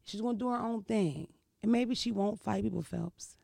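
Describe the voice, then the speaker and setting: Blunt, profane woman with a gravelly voice. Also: medium pitch, normal speed, warm tone, dry recording. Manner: blunt, profane, keeps asking "you know what I mean". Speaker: vlogger. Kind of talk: casual storytelling chat.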